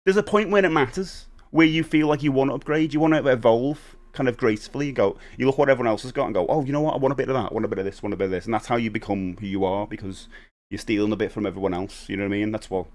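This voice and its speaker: A middle-aged man from Liverpool with a Scouse accent, chatting in a rambling way while live-streaming a retro game and giving upbeat shout-outs to viewers. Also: mid-range voice, rapid-fire. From Liverpool, England. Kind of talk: casual live-stream chat.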